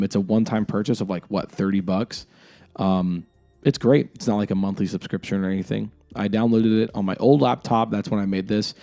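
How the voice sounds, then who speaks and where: A man's voice: fairly low pitch, creaky, dark tone. A young man, a game master, talking casually about his campaign world, rambling with lots of fillers. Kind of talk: casual lore talk. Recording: music in the background.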